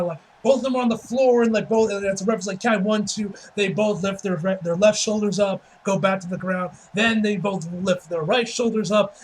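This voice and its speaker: A man giving a casual, excitable spoken review, full of swearing and repeated "like" fillers. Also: high voice, slight background noise. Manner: excitable, profane, heavy use of "like". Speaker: wrestling reviewer.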